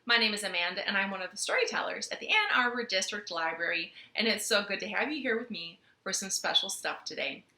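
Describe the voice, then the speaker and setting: Bright, sing-song woman storyteller. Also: mid-range voice, fast, few pauses, roomy sound. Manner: animated, sing-song, playful with kids. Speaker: children's storyteller. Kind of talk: children's storytime. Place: living room.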